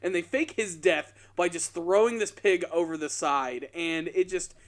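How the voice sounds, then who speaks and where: A man co-hosting a casual podcast, retelling a story with lively energy and putting on quick voices for the characters. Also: high voice. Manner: animated storytelling, acts out quoted lines in exaggerated voices. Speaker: podcast co-host.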